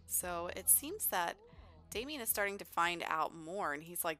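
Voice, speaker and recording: A woman's voice: on the low side, animated, normal speed, sharp tone. A woman hosting a let's play, chatting in an upbeat, rambling way. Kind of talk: casual game commentary.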